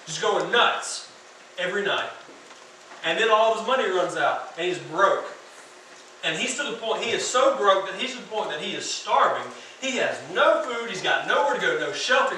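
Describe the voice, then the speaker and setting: A man preaching as a youth pastor in a church hall, animated and asking the crowd questions. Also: high voice, a little hiss or hum. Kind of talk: sermon. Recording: echoey hall from far off.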